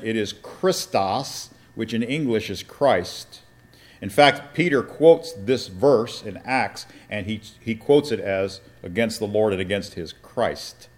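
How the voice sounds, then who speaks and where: A man preaching a sermon and teaching from Scripture, asking his congregation questions and reading passages aloud. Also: mid-range voice. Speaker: pastor. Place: church or meeting room with an audience.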